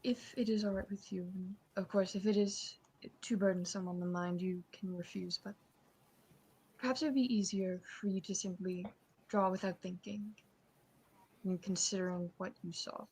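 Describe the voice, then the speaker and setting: A woman's voice: mid-range voice, steady tone, moderate pace, a little mellow, a little hiss or hum, close to an everyday voice. A woman playing a polite, formal doctor in a tabletop game, asking careful, courteous questions. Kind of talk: in-character tabletop role-play.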